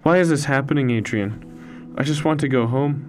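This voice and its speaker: A man's voice: on the high side, moderate pace, faint music behind, pitched above the performer's own voice, lightly acted. A man voicing a frightened, starving fourteen-year-old girl who is crying. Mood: sobbing.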